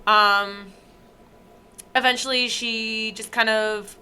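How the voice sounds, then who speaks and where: A bright, fairly high voice belongs to a young woman on a podcast. She retells stories with lively, acted-out quotes, her tone easy and chatty. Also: slow, clear, resonant tone. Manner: animated retelling, acts out quoted dialogue. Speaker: podcast co-host. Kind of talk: casual storytelling chat.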